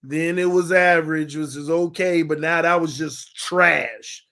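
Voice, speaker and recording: A man hosting a fan sports channel, talking in loose, animated commentary that swings between shouting and laughing. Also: a little high, a little slow. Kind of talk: casual fan commentary livestream.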